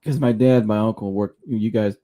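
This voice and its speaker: A man's voice: on the low side, normal speed. A male host chatting casually, jumping in to retell the story with energy. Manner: lively, jumps in to retell. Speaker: show host. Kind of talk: casual chat.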